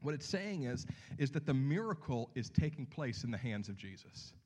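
A man preaching a sermon as pastor, telling the story with lively acted-out voices and dropping to hushed near-whispers for emphasis. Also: medium pitch, normal speed, breathy edge.

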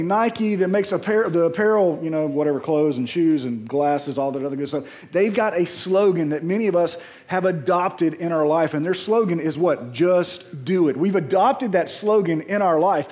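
A high-voiced man preaching a sermon. He talks to the congregation like friends, jokes a lot and keeps asking the room questions. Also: a little mellow. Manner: conversational and joking, calls out to the congregation. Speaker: pastor. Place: church auditorium.

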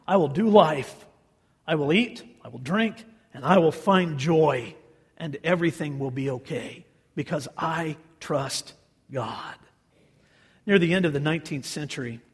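A man preaching a sermon as pastor, telling a story in an animated way and acting out the quoted voices. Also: on the high side, husky. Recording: long reverb of a large hall.

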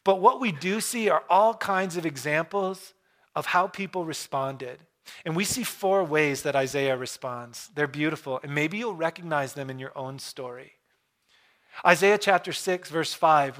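A man preaching a sermon in church, his voice a touch higher than most men's. He talks earnestly and drops to hushed, drawn-out pauses to make his point. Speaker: pastor. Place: church room.

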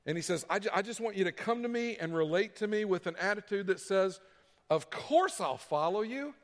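A man's voice: high-pitched, lively intonation, fairly quick, in a large hall. A man preaching a sermon, repeating key phrases for emphasis and acting out what people would say. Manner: preaching with emphatic repetition and acted-out quotes. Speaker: pastor.

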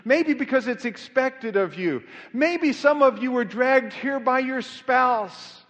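A man's voice: extremely high pitch, animated, takes it slowly, fairly bright tone. A middle-aged male pastor preaching a sermon in a church, conversational and self-deprecating, building to fervent emphasis. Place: church sanctuary. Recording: muffled sound with long hall reverb.

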